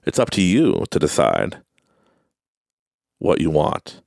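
A young man hosting a podcast, giving an earnest, repetitive motivational talk and sometimes mimicking other people in high voices. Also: wildly swooping pitch, slow, gravelly, darkish tone, no room sound, clean studio sound. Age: young adult. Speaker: podcast host.

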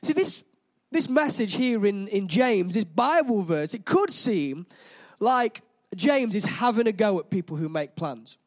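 A young male preacher with a notably high voice delivers a sermon to his congregation. He talks in a chatty, self-deprecating way and keeps checking in with the people in front of him. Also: big pitch swings, unhurried.

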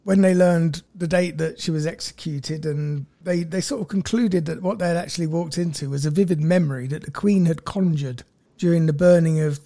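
A man's voice: fairly high pitch, vocal fry, dark tone, no room sound. A man, co-hosting a podcast and telling a history story in a wry, jokey way from his notes. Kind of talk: casual storytelling chat.

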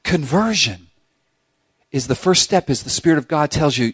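A man preaching a sermon as pastor in a church, talking in an animated, emphatic way with lots of repetition, sometimes acting out voices. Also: fairly high pitch, normal speed, breathy edge, dry recording. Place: church sanctuary.

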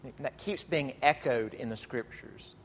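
A man's voice: mid-range voice, a little hiss or hum. Man preaching in an echoing hall. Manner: animated, emphatic preaching with drawn-out phrases. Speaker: pastor. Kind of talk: sermon. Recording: long reverb of a large hall.

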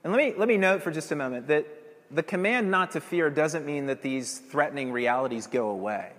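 This man preaches an evening sermon with animated earnestness, moving a little fast and using rhetorical questions to press his case. His pitch runs slightly high for a male voice and the tone is fairly bright. A lengthy reverb follows every phrase, like in a church hall.

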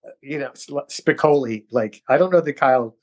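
A man's voice: mid-range voice, fairly quick. A middle-aged man from New York, an actor guest, telling stories in a casual interview and acting out the voices of people he quotes. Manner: animated, acts out quoted voices.

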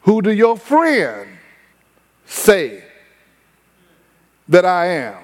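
A high-voiced man preaches a sermon, his talk folksy and conversational, slowing down to stretch his key words. His voice rings with a long reverb through a church sanctuary. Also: wildly swooping pitch. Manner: conversational preaching, drawn-out emphasis, folksy phrasing. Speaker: pastor.

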